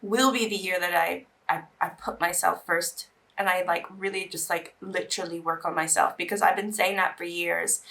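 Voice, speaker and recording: A woman's voice: fairly low pitch, fairly even intonation, moderate pace, creaky, hardly any pauses, fairly bright tone, recorded from a distance. A young woman in casual get-ready-with-me chat, emotional and teary, sighing between bursts of chatter. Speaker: beauty vlogger. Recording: voice a little off-mic.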